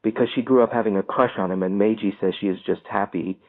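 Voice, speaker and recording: A man reading a first-person story aloud as an audiobook narrator, telling it in a steady storytelling manner. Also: fairly low pitch, fast, no echo. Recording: tinny phone-like dry sound.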